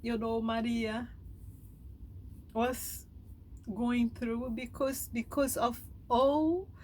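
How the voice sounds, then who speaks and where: Slow, high-voiced emotional woman speaker. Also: steady tone, a little mellow, a little hiss or hum, low-quality recording. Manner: halting, heartfelt, emotional. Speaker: spiritual speaker. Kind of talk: meditative reflection.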